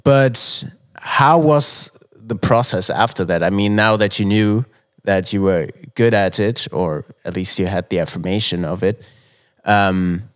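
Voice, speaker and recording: A man's voice: fairly low pitch, unhurried. A man hosting a casual interview, conversational and supportive as he asks follow-up questions. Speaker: podcast host.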